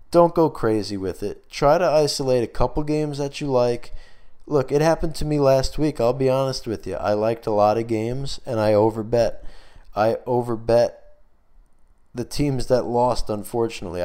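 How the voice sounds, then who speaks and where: A man's voice: medium pitch, darkish tone, clear, resonant tone. A man hosting a solo sports betting podcast, talking casually with lots of fillers, out of breath and losing his voice. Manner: casual, filler-heavy picks talk. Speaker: podcast host.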